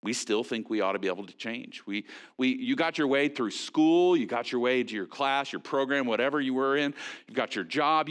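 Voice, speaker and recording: A man preaching a sermon in a conversational, animated way, with frequent fillers and restarts. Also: mid-range voice, moderate pace. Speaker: pastor.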